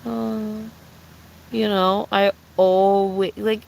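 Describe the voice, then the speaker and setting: A young adult livestreamer in casual, unscripted chat with viewers, talking bluntly and with a lot of profanity, ranting with lively swings. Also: mid-range voice, very slow, creaky, slight background noise, rough recording.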